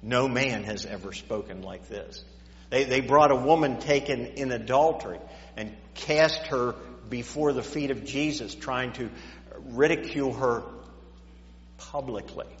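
A man's voice: mid-range voice, a little slow. A man preaching a sermon in a church, repeating words as he stammers and rising and falling in volume. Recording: echoey dull church hall recording.

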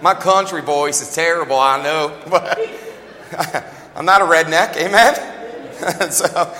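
A man in his forties preaching a revival sermon, lively and joking, often laughing and calling out to the congregation. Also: a little high, slow pace, long reverb tail. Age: 40s.

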